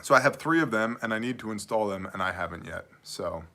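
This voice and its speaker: A man's voice: on the low side, expressive, fast talker, sharp tone. A man from New York hosting a casual livestream, joking and rambling through stories while answering chat questions. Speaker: livestream host.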